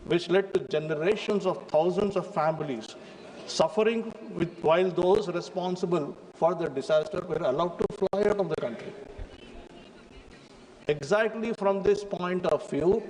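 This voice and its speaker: A man's voice: high-pitched, moderate pace, a little mellow. A man with an Indian English accent giving an emphatic speech in a parliament chamber, repeatedly addressing the chair as sir. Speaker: member of parliament. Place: large parliament chamber, indoors. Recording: reverberant chamber broadcast feed.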